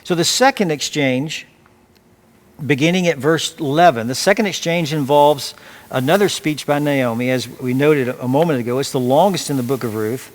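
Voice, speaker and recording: A man preaching as pastor, reading scripture aloud and explaining it phrase by phrase in a measured way. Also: a little high. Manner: measured, with frequent restarts and repeated words. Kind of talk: expository sermon.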